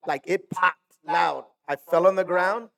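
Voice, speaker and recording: A man's voice: high voice, fairly even intonation, unhurried, gravelly, a crowd in the background. A man and coach telling long casual stories, rambling with lots of filler words. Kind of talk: casual storytelling.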